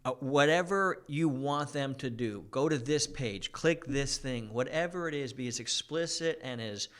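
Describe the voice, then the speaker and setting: Excitable man host who talks fast. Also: medium pitch, clear, resonant tone. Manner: excitable, fast bursts, says dude a lot. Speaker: podcast host. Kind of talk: casual chat.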